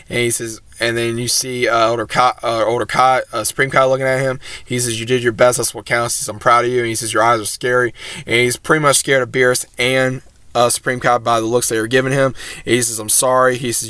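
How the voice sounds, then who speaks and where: Guy rambling thru an anime episode recap, pretty monotone, smooth clear voice. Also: mid-range voice, no echo. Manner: rambling retelling, many "he says" and filler sounds.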